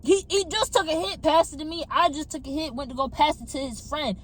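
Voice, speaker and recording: Animated woman telling a testimony. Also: high voice, brisk. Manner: animated, addresses viewers as y'all. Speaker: testimony vlogger. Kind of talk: casual storytelling testimony. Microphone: phone camera.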